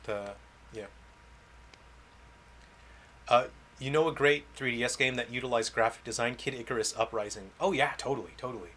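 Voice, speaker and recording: Playing through his game on a launch livestream, a developer talks casually and responds to viewer questions. He speaks at normal speed in a fairly bright, mid-range voice with long pauses, over faint game music and a little hiss or hum.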